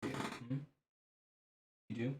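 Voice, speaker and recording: A man's voice: drawn-out words, background noise. A man streaming, chatting casually with viewers in a playful way and laughing often. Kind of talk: casual chat.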